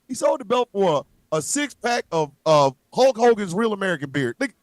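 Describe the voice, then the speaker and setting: A man's voice: high-pitched, big pitch swings, a little fast, no room sound. A man co-hosting a livestream, ranting angrily and profanely with lots of repetition. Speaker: co-host. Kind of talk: heated livestream rant.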